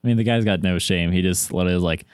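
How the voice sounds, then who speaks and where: Man, co-host, low voice, lively pitch, casual chat, dry sound. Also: very fast, clear, resonant tone, dry recording. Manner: animated, laughs often, asks questions.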